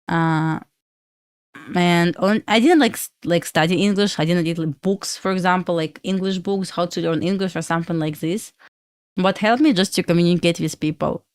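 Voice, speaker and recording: A woman's voice: lowish voice, moderate pace, clean tone, dry recording, studio quality. A young woman from Belarus with a Russian accent, hosting a casual trading livestream and answering questions from chat with lots of fillers.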